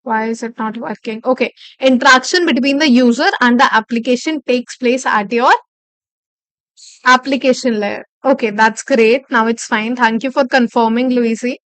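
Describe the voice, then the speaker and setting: A woman's voice: fairly high pitch, steady tone, moderate pace, a bit bright, clean tone, no room sound. A woman instructor giving a live online lecture, explaining step by step, repeating key phrases and checking in with "okay".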